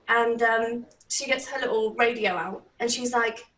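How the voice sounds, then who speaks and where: A British woman with a high voice tells a story in a lively, casual way, swearing freely and laughing as she goes. She sits back from the mic in a roomy space. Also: unhurried, hardly any pauses, recorded from a distance. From Britain. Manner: animated, swears, laughs often. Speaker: channel host.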